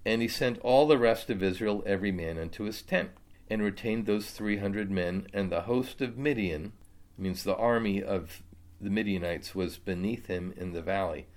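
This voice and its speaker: A man's voice: on the low side, moderate pace. A man teaching a Bible study, reading scripture aloud and then explaining it casually.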